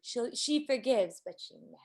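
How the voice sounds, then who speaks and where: A woman's voice: a little high, lively intonation, normal speed, darkish tone. A woman co-hosting a casual podcast recap, laughing often and acting out quotes. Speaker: podcast co-host.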